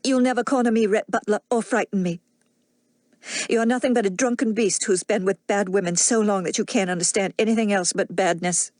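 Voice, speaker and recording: A woman's voice: mid-range voice, darkish tone, no room sound, clean studio sound, natural voice. A woman voicing a proud, defiant young Southern wife who speaks sharply and cuttingly.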